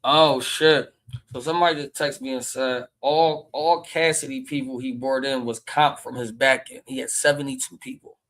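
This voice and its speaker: A man with a Philadelphia accent hosting a casual livestream, brash and loud, trash-talking and laughing often. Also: mid-range voice, steady tone, moderate pace, poor audio. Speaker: livestream host.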